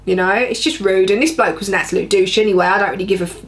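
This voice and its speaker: A woman's voice: mid-range voice, steady tone, racing. A woman, telling a personal story to camera in a blunt, chatty, rambling way. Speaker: vlogger.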